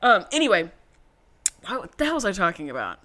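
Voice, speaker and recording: Bright-voiced chatty woman podcast host. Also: medium pitch, brisk. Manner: chatty, profane, animated storytelling. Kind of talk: casual recap chat.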